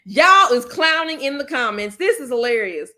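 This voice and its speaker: A woman's voice: high-pitched, very animated, normal speed, pushed and bright. A woman hosting a casual commentary chat, joking and laughing often. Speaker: host.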